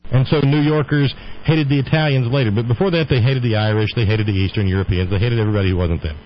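A man's voice: medium pitch, fairly even intonation, fast, highs cut off, slight background noise. A man hosting a radio show, talking in a rambling, opinionated monologue. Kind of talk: casual on-air monologue.

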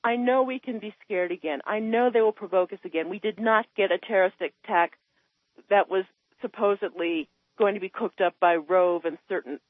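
A woman calling in to a talk radio show, ranting about politics with passion, her voice climbing high when she is upset. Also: normal speed, no room sound. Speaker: caller. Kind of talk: heated political phone-in rant. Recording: tinny phone line.

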